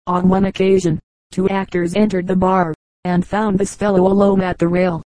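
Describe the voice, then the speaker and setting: A woman reading a collection of humorous anecdotes aloud as an audiobook narrator, in a measured, even storytelling manner. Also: fairly low pitch, dry recording, rough recording. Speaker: audiobook reader.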